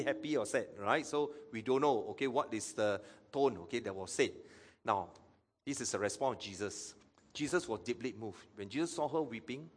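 A man's voice: medium pitch, a bit bright. A man preaching a sermon as pastor, acting out Bible quotes and asking the audience questions.

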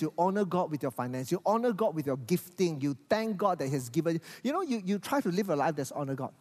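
A pastor delivers a sermon, and his pitch rises and falls in lively, animated swings. He often repeats words as he goes. A long reverb from the church hall trails behind his voice.

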